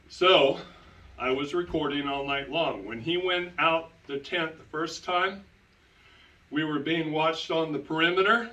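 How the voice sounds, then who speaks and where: A man gives a public lecture, telling stories to an audience and repeating key phrases for emphasis. His voice is on the high side, pushed and bright, at a measured pace. The audio is dull and roomy, recorded far from the mic.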